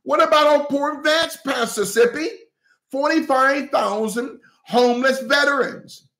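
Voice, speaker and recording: High-voiced man ranting on a livestream. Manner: animated, breaks into shouts, repeats okay, coughs. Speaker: livestream host addressing viewers as pastors. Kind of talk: heated political commentary livestream. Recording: echoey room.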